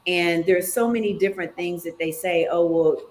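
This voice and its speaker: A woman's voice: on the low side, moderate pace, a little mellow, a little hiss or hum. A woman hosting a talk show, chatting in an affirming, conversational way. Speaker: show host.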